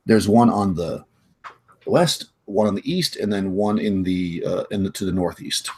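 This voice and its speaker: A man with a low, slightly husky voice narrates a tabletop game as its game master. He speaks haltingly, with many "uh"s and restarts as he lays out the room. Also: a little mellow.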